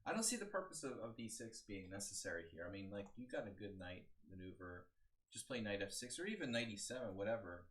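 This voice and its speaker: A man in his forties with a slightly low voice talks through chess games on a live stream. He rambles casually, stops to greet viewers, and drifts into side chat before going back to the moves. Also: very animated, fast, fairly bright tone. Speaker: chess coach. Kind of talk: live-streamed game analysis.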